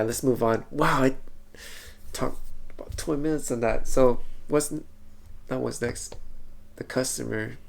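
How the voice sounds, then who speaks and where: A man vlogging in a calm, soft, reflective way, often repeating his words as he thinks aloud. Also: medium pitch, creaky. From Hmong community background. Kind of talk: personal vlog talk.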